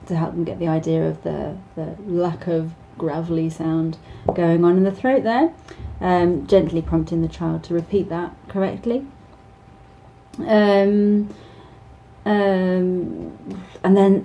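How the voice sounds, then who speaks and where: A woman English teacher talks through casual advice in a relaxed, warm tone. Her voice sits a little low. She stops and restarts often and laughs between thoughts. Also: unhurried, poor audio. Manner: hesitant, many ums and restarts, laughs often.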